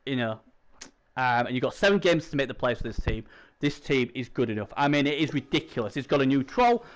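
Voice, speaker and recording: A man's voice: mid-range voice, big pitch swings, a little fast. A man co-hosting a casual gaming league chat, rambling with many fillers and restarts. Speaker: co-host.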